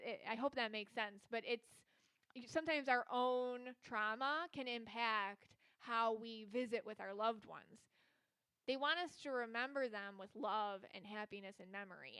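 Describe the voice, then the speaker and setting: A woman's voice: on the high side, sharp tone, smooth, no echo. A woman hosting a podcast as a psychic reader, talking casually in a chatty, rambling way with many filler words. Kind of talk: casual solo podcast talk.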